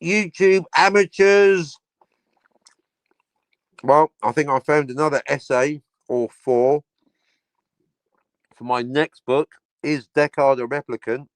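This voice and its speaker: A man's voice: mid-range voice, fairly even intonation, a little slow, no room sound. A man hosting a casual livestream, talking in a sardonic, sweary way and slipping into mock announcer asides. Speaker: livestream host.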